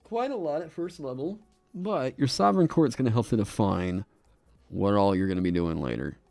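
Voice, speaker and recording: A man's voice: medium pitch, lively intonation, normal speed, vocal fry, a little mellow, no echo, faint music behind. A man chatting casually on a live stream into a desk microphone. He rambles, laughs often and swears freely. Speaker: streamer designing a game class.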